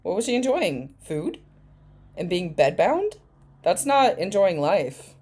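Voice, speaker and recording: Woman, low voice, sarcastic, swears a lot, mocking reaction commentary. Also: sing-song, slow pace, a little mellow, slight background noise. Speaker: commentary YouTuber.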